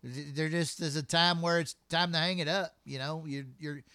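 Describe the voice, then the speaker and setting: Man co-host, high and bright, profane exclamations, dry close sound. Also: steady tone, normal speed, no room sound. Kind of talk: casual chat.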